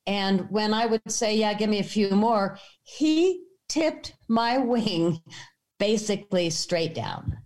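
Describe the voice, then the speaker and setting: Animated woman telling a story. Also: mid-range voice, takes it slowly. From United States. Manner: animated, acts out voices in anecdotes. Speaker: filmmaker guest. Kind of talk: casual storytelling in an interview.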